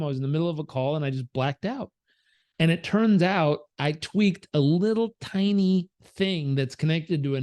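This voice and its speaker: A male performance coach talks with a guest's easy energy, his voice sitting a little higher than most men's. He tells stories full of fillers and restarts. He drops into short acted voices whenever he quotes someone. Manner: animated, acts out quoted voices, many fillers. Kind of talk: conversational storytelling.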